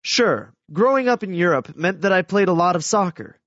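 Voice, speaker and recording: A man reads a first-person story as audiobook narration, with animated, expressive delivery. His voice is high and swings widely in pitch. The recording is dry with no room sound and somewhat dull in tone. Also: normal speed, no echo.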